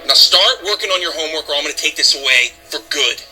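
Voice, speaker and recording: A man's voice: on the high side, animated, fast, bright, forceful tone, soft background music, poor audio. An actor playing a stern middle-aged father who lectures his son, disapproving and scolding.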